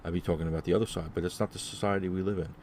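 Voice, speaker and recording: Low, dark-voiced man rambling solo. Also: fairly even intonation, very fast, slight background noise. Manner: rambling and repetitive, many fillers. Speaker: podcast host. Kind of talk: solo casual podcast monologue.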